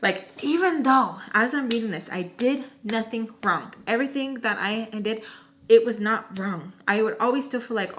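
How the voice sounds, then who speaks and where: A young woman in her twenties tells a storytime vlog, chatty and slangy, packing her speech with "like." Her voice is fairly high and fairly bright, at a moderate pace.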